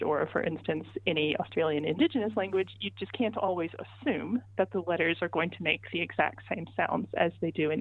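A woman speaking in a somewhat low voice, explaining carefully as an interview guest. She is patient and methodical and builds her points through examples. Her voice comes through a tinny, dry phone line. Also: slightly rough, dry recording. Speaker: linguist guest explaining pronunciation.

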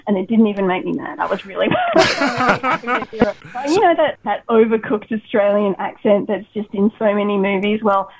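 A woman co-hosting a film podcast, chatting in an animated, opinionated way over dull lo-fi audio. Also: medium pitch, fairly quick, gravelly, few pauses. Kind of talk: casual film chat.

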